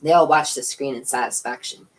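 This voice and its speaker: Casting: low, husky woman reader, unhurried novel narration. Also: low-quality recording. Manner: unhurried, voices characters with pitch lifts. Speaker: audiobook reader. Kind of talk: reading a novel aloud.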